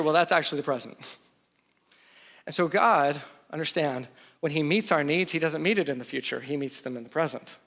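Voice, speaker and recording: Man, pastor, sermon, bright tense voice, slightly high pitch, conversational preaching, acted quotes, humor.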